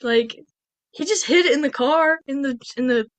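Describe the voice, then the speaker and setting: Chatty woman with a higher voice. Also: normal speed, no echo. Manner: rambling, chatty, full of "like" and restarts. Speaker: podcast co-host. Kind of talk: casual movie recap chat.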